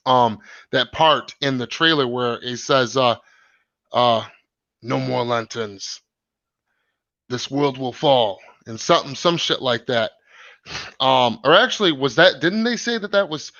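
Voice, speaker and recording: A man's voice: medium pitch, sharp tone, no room sound, muffled recording. Rambling man hosting a live stream. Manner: rambling, many fillers and restarts. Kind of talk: casual chat reading comments.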